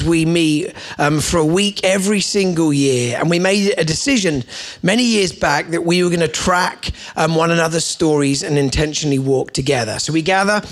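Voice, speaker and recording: Man, guest pastor, sermon, slightly high voice, gravelly, storytelling, playful. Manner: storytelling, playful asides, lively voices for his children. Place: church.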